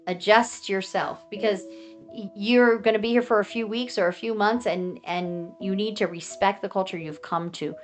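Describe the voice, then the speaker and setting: A woman's voice: mid-range voice, normal speed. American woman, vlog host, earnest and talkative, music bed under her voice. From United States. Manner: chatty and earnest, often acting out other people's replies. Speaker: vlogger giving advice to foreigners. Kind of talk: casual advice talk.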